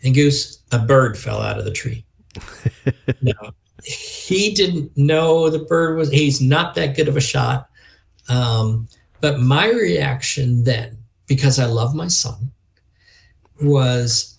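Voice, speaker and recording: A middle-aged man talks in a relaxed interview with an earnest, reflective manner. His voice has a gravelly edge. He often acts out the words of others as he tells his story. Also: medium pitch. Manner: earnest, reflective, quick to emotion, acts out quoted dialogue. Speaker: guest, youth organization leader. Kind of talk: conversational podcast interview.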